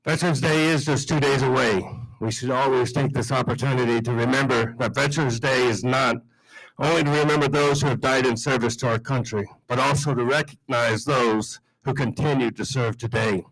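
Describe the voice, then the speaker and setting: A man, a veterans' group leader, giving a measured, earnest prepared speech at a breakfast event. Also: mid-range voice, fairly even intonation, vocal fry, a bit bright, rough recording.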